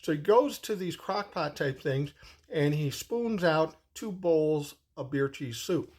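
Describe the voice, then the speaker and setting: A man's voice: a little high, animated, slow, darkish tone. A man in his sixties telling a personal story in a casual, rambling way, swearing freely as he goes. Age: 60s. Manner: profane, rambling, conversational.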